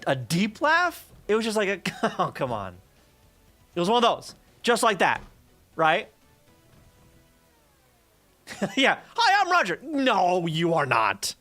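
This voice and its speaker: With a high voice, a streaming man spins a story in loose, foul-mouthed, lively chat, acting out how each person in it talks.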